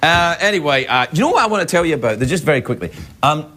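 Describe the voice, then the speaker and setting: A man's voice: on the high side, very animated, fast talker, pushed and bright. A middle-aged Scottish man giving a rambling, playful comedic monologue as a late-night talk show host. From Scotland. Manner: rambling, self-interrupting, playful. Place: television studio with live audience.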